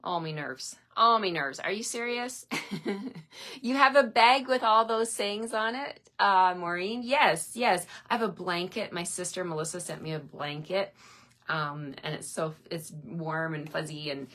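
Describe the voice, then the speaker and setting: A woman's voice: lowish voice, steady tone, unhurried, fairly bright tone. A middle-aged woman chatting casually on a live stream from her home craft room, upbeat and greeting viewers by name. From Newfoundland, Canada.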